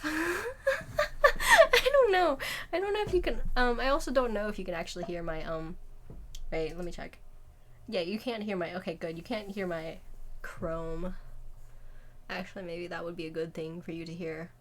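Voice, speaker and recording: A woman's voice: fairly low pitch, normal speed, a little hiss or hum. A young woman streamer giving casual game commentary, giggly and self-deprecating as she thinks aloud.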